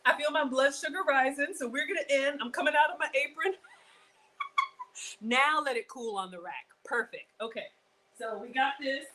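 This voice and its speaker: A woman hosting a live cooking stream, chatty and excitable, talking straight to her viewers. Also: high-pitched, moderate pace, pauses often, a little hiss or hum, rough recording. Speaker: cooking show host.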